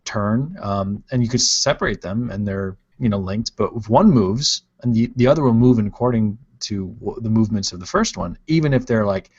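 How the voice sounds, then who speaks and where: A man's voice: lowish voice, normal speed, few pauses, a little mellow, husky. A man from Ohio hosting a live-stream podcast, casually chatting and playfully reading out viewer comments. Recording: dull lo-fi stream audio.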